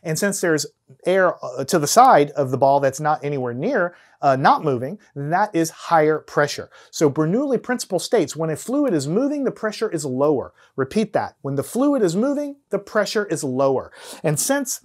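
A man's voice: on the high side, sing-song, normal speed. A man teaching physics, explaining hands-on demonstrations step by step and counting down before each one. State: out of breath at times from blowing. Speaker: science teacher.

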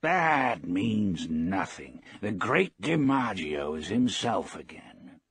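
Gentle old fisherman in a storybook reading, a man doing the voice, low and unhurried, dry close sound. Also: very animated, slightly rough, no room sound, full character voice. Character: poor old male fisherman, gentle, proud. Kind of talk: audiobook reading.

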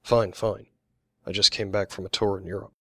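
A man's voice: low-pitched, flat delivery, moderate pace, sharp tone, dry recording, heavily acted. A man voicing a tall young army sergeant who greets old friends politely and a little awkwardly. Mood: polite, surprised.

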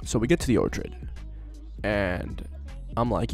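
A man's voice: lowish voice, a little slow, faint music behind. A teenage boy telling a story casually to camera as a vlogger, rambling and swearing with lots of fillers.

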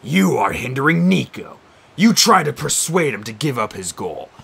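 Sneering ghost of an ancient king, low and unhurried, menacing, read by a male narrator. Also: very animated, vocal fry, fairly bright tone, breathy edge, exaggerated voice. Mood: sneering menace. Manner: slow, mocking, menacing.

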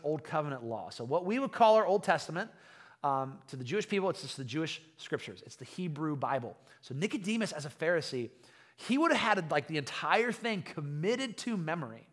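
A man preaching a conversational sermon as pastor, retelling a story in an animated way with frequent restarts. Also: a little high.

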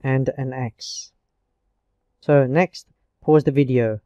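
A man teaching a grammar lesson online, explaining slowly and patiently with frequent checks of "okay". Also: medium pitch, steady tone, warm tone, no echo, highs cut off. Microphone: screencast recording mic.

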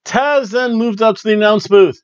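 A man hosting a wrestling review podcast, recapping a show in casual chat and slipping into quick mimicry of wrestlers. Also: high voice, clear, resonant tone, no echo, highs cut off. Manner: animated, mimics wrestlers and announcers in quick asides.

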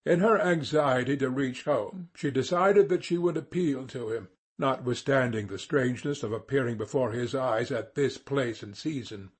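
Husky-voiced man reading a novel. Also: mid-range voice, moderate pace, few pauses. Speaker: audiobook narrator. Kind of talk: scripted narration.

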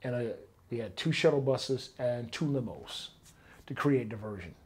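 Middle-aged guy, interview guest, animated raconteur acting out the dialogue. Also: medium pitch, normal speed, a little hiss or hum. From Detroit, US. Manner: animated, acts out quoted dialogue. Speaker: interview guest, former bodyguard. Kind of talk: casual storytelling interview.

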